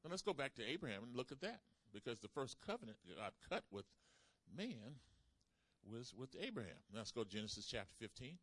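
A man preaching a sermon, calling out to the congregation and swinging between loud emphasis and soft asides. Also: medium pitch, big pitch swings, fairly quick, dry recording. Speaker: pastor.

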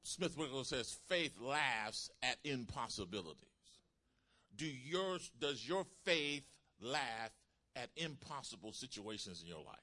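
A male preacher delivering a sermon in a bright, forceful voice. He drives his points home with emphatic calls to the congregation, his voice sitting at a middling pitch for a man. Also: very animated, slow pace.

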